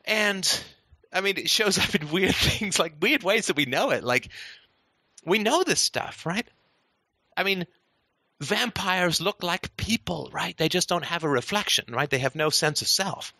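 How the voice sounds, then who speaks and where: A man's voice: high-pitched, expressive, measured pace, bright, forceful tone, dry recording. A male host of a philosophy show, delivering an impassioned monologue with a profane, sarcastic ranting manner.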